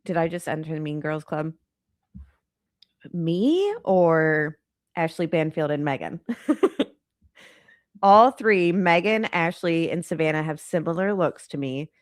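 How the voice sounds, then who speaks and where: A woman's voice: low-pitched, expressive, slow, long pauses, no room sound, clean studio sound. A congested woman hosting a true crime channel, talking in a chatty, rambling, exasperated way. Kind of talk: casual commentary on a live stream.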